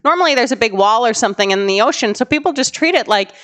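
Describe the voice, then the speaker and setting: Woman podcast co-host, somewhat high voice, animated and exasperated storyteller. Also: fast talker. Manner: animated storytelling, exasperated about careless dog owners. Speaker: podcast co-host, dog trainer. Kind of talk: casual podcast chat.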